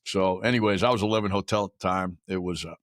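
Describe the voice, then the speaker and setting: A man in his sixties talks as a podcast guest in a lowish voice. He tells stories casually, bluntly and with plenty of swearing and slang. The recording is dry and close. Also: fairly even intonation, fast talker, a bit bright, no room sound. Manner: blunt, profane, slangy, peppered with "man" and "dude". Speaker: podcast guest, military veteran. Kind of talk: casual storytelling in a podcast interview.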